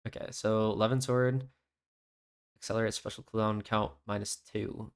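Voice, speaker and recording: A man's voice: lowish voice, flat delivery, moderate pace. A man hosting a casual game reaction chat, reading out stats and skill text in a laid-back way. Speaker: channel host.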